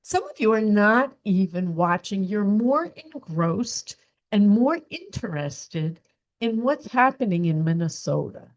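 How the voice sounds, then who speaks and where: Delivering religious commentary as a podcast host, this woman teases her listeners, poses rhetorical questions, and laughs at her own lines. She speaks at medium pitch in a sing-song way, a little slowly.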